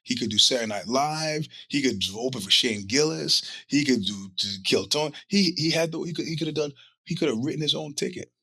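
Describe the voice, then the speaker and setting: A middle-aged man hosts his own show while sick with a cold. His voice is husky but bright and cutting. He tells rambling, profane stories in a dry, close recording. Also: on the high side, lively intonation, a little fast, no echo. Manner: rambling, profane storytelling with acted-out quotes. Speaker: podcast host. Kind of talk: casual monologue.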